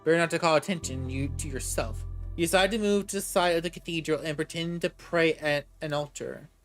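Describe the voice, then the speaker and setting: A man's voice: fairly high pitch, fairly quick, a bit bright, faint music behind. A man streaming a game, reading its story aloud steadily with small stumbles. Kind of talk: reading a visual novel aloud.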